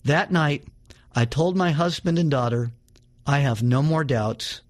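Guy hosting a faith talk show, slightly high voice, earnest and emphatic reading, chatty asides with uhs. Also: a little slow. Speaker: radio show host. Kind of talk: reading a testimony aloud on a religious talk show.

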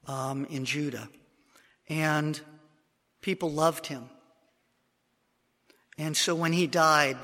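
High, bright-voiced preacher in a reverberant hall. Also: male voice. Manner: reads scripture slowly with dramatic emphasis. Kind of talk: sermon.

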